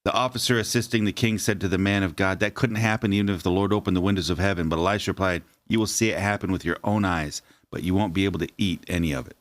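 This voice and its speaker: Low-voiced man reading scripture slowly. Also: steady tone. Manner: jokey, laughs often, slows down to read aloud. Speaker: podcast co-host. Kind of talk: casual chat and scripture reading.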